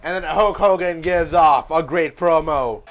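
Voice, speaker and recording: A man co-hosting a podcast, excitedly recapping a wrestling event in casual chat, swearing and laughing as he rants. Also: fairly high pitch, unhurried, a crowd in the background. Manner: excitable, swearing, laughs at his own rant. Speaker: podcast co-host.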